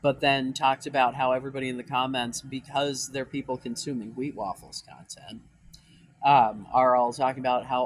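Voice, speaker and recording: A man's voice: medium pitch, steady tone, moderate pace, rough recording. Rambling, profane young man vlogging. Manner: rambling, profane, exasperated, many fillers and restarts. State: voice cracking after crying. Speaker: dating advice vlogger. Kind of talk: casual ranting vlog.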